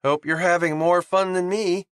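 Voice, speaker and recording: A man voicing a playful young man with exaggerated, lively delivery. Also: high-pitched, moderate pace, smooth, no echo, clean studio sound, voice pushed up.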